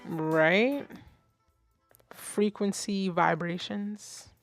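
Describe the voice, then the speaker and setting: A woman of Haitian background hosting a live music feedback stream, blunt and animated, swearing freely. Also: fairly low pitch, drawn-out words, gravelly. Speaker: livestream host reviewing music. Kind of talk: casual livestream commentary.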